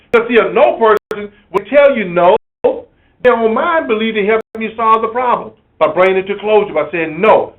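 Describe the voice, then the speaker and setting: High-voiced male trainer, tinny audio. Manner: emphatic, repeats key phrases, acts out examples. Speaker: corporate trainer. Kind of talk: business training lecture.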